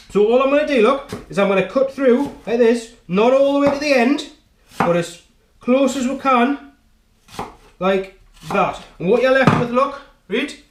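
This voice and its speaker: A man with a high-set voice hosts his own cooking show from a home kitchen. He keeps it chatty and jokey, checking in with the viewer as he chops. The room is echoey, with a faint hiss behind him. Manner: chatty, jokey, talks straight to the viewer with frequent "right?". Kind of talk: casual cooking demonstration.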